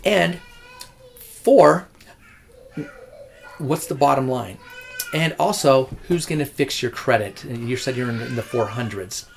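A real estate agent casually recounting a deal with a client, rambling with restarts and acting out quotes. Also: male voice, mid-range voice, slow, vocal fry, pauses often, slight background noise. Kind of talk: casual storytelling.

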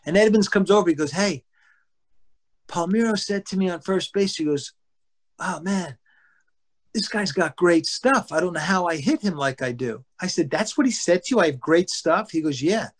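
At an ordinary pace, a man who used to pitch in baseball recounts informal stories, performing his teammates' remarks with gusto and dropping casual profanity.

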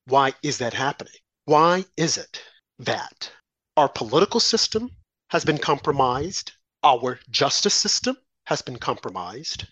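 A man with a fairly high voice gives an impassioned political commentary monologue as a talk show host. He fires off rhetorical questions and mocks the other side in quick asides. The sound is dry and close, with almost no room. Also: a bit bright, husky, no echo.

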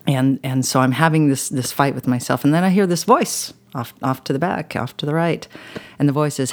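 Speaking a little fast in a bass voice, a woman recounts a personal story on a podcast as a guest. Her telling is earnest and rambling, peppered with "you know," and turns emotional and intense as she remembers the crash.

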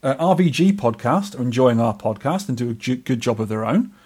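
A middle-aged man co-hosting a podcast in casual, rambling chat. He talks at an everyday middle pitch with a self-deprecating, chatty manner. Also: expressive, brisk, darkish tone, breathy edge. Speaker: podcast co-host.

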